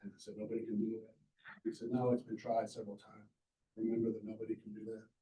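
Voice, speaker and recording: In a lecture hall, a middle-aged man gives a masterclass, telling his story to a live audience in a folksy manner and acting out the lines people said to him. His voice is fairly low and dark, fast, with little pitch movement. The hall sounds echoey and the mic is at a distance.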